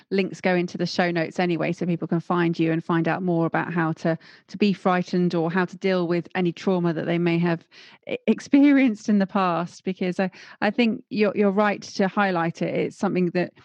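A woman's voice: lowish voice, steady tone, moderate pace, darkish tone, no echo, highs cut off. A woman hosting a podcast, encouraging in chat and upbeat when reading her outro. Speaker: podcast host and life coach. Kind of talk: casual interview chat and scripted outro.

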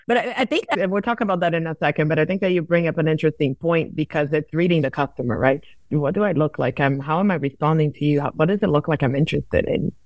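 A woman's voice: low-pitched, fast talker, hardly any pauses, darkish tone, no echo. A woman guest talks through customer experience ideas in a casual interview, analytical and prone to restarting her sentences. The recording is dry and close, with no room sound.

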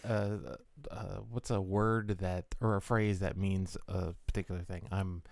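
Fast-talking Southern Maryland man. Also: low voice, steady tone, vocal fry, a little mellow, no echo. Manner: fast, tumbling speech with restarts. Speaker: podcast co-host. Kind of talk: casual chat.

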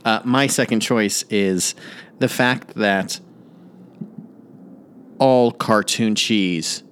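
A man with a fairly low voice joins a casual podcast chat. He sounds playful and amused, and chuckles through his own riffs. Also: drawn-out words, a bit bright, slight background noise. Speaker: podcast co-host.

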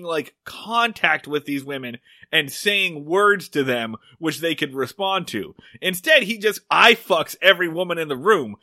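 Bright, animated man recapping sarcastically. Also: high-pitched. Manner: animated, profane, sarcastic recapping with quick asides. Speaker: podcast co-host. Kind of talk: casual comedic recap chat.

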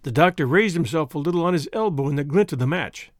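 A man narrating an old-fashioned story in a scripted, expressive, unhurried way. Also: on the high side, no room sound, clean studio sound.

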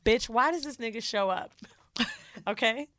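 Woman podcast co-host, casual storytelling, profane, animated, high-ish pitch, dry close sound. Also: normal speed, no room sound. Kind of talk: casual chat, retelling a reality show.

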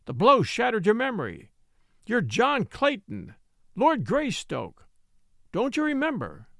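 A man's voice: extremely high pitch, wildly swooping pitch, unhurried, gravelly, a bit bright, dry recording, studio quality, pitched above the performer's own voice, heavily acted. A man reading an audiobook, voicing a frightened adult thief who begs desperately for his life. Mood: pleading. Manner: pleading, desperate.

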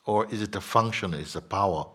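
Husky low-voiced man teaching softly. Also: brisk. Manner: soft-spoken, drops to whispers, acts out voices playfully. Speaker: spiritual teacher. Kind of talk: spiritual teaching dialogue with listeners.

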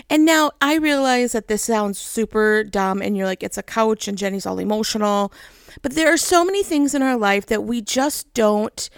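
Woman, higher voice with gravelly fry, dry close sound; lively devotional storyteller. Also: no room sound. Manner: animated storytelling, acts out voices. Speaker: devotional speaker. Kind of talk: casual faith talk.

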